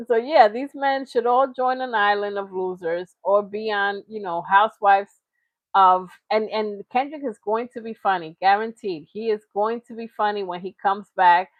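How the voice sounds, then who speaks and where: A woman's voice: medium pitch, moderate pace, dry recording, narrow, tinny audio. A woman hosting a reaction channel, talking in casual, chatty commentary with frequent laughs. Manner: chatty, laughing, slips into mocking impressions.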